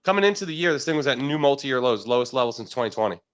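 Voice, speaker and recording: A man co-hosting a casual market chat, explaining stock charts in a relaxed way. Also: mid-range voice, rapid-fire. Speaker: market show co-host.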